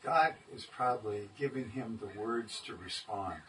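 Lower-voiced man offering thoughts in a Bible study. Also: measured pace, a bit bright, recorded from a distance, slight background noise, rough recording. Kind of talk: group discussion.

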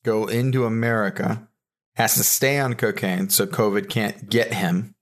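Low-voiced man hosting comedy podcast. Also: fairly even intonation, measured pace. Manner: dry, quizzical, recapping. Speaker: podcast host. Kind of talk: casual comedic banter.

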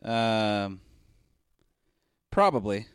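Lively man chiming in briefly. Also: lowish voice, extremely slow, smooth, dry recording, clean studio sound. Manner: short reactions, playful. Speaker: podcast co-host. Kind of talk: casual chat.

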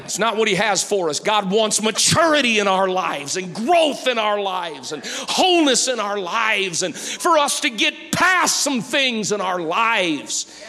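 Man preacher, sermon; emphatic, forceful, fairly high voice, shouts to whispers; reverberant church hall.

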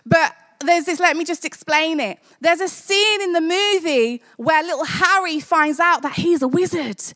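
A woman preaches in a church, her voice sitting very high. She talks to the congregation in a chatty, joking way, then rises into fervent, exclaiming appeals. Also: a bit bright. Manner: conversational and jokey, building to fervent exclamations. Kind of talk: sermon.

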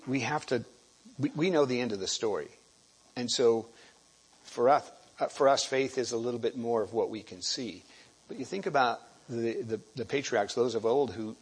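Man preaching, gravelly, husky, halting with restarts and throat clearing. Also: mid-range voice. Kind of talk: sermon.

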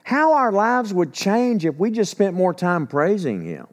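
A man's voice: high-pitched, huge pitch swings, a little slow. A man preaching a sermon in a conversational, emphatic way. He asks rhetorical questions and acts out quoted speech in a casual voice. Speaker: pastor.

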